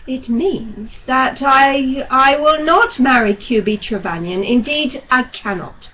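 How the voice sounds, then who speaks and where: Woman voicing sardonic young man, quiet and defiant, slow delivery, slightly dull audio. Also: high-pitched, heavily acted. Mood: quietly defiant.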